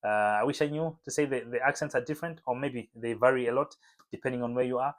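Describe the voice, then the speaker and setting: Man, casual vlogger, relaxed and chatty, talking to camera at home. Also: mid-range voice, quick pace. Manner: relaxed, chatty, frequent fillers. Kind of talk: casual talking-head vlog. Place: home room lit by a window.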